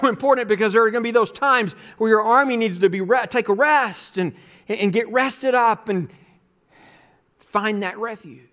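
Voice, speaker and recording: A man's voice: high voice, fairly bright tone. A male pastor giving a sermon, speaking earnestly and reading scripture aloud.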